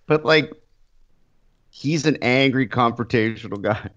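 A man's voice: medium pitch, measured pace, a bit bright, dry recording. Man, podcast co-host, casual rambling chat, crude humor, dry lo-fi sound. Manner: rambling storyteller, crude jokes.

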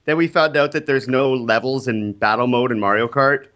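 A man who is a teacher, telling a story in casual chat, animated and acting out the people he quotes. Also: mid-range voice, moderate pace, dull audio.

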